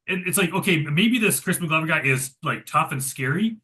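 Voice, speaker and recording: A man's voice: on the high side, lively intonation, a little fast, sharp tone. A man co-hosting a casual movie review chat, rambling with lots of filler words. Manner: rambling, heavy use of "like" fillers.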